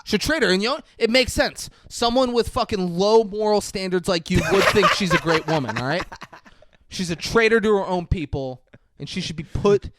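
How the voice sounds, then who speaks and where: A young man co-hosting a casual film review podcast, an animated storyteller who swears freely and slips into mock outrage. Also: high voice, fairly quick, noisy background. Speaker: podcast co-host.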